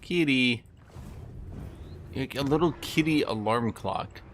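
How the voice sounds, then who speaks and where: A man's voice: mid-range voice, slow pace, a bit bright, slight background noise. A man giving casual gameplay commentary as a streamer, rambling and chatting to his cat between remarks. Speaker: gaming streamer.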